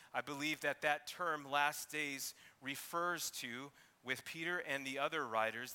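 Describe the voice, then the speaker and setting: A man's voice: mid-range voice, bright, forceful tone, in a large hall. A man preaching an expository sermon, reading scripture and sometimes acting out mocking voices. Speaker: pastor.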